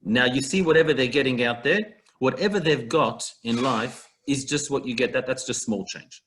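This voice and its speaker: A man's voice: mid-range voice, moderate pace, fairly bright tone, slight background noise. A man teaching a Talmud passage in an online class, talking it through in a conversational way with everyday comparisons, heard over a video call. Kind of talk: online text study class.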